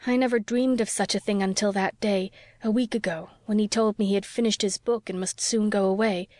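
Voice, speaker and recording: A woman's voice: medium pitch, fairly even intonation, brisk, a little mellow, dry recording, natural voice. Give me a woman reading as a passionate, distressed young woman, fervent and pleading, recorded dry and close for an audiobook. She sounds restless and torn. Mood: anguished.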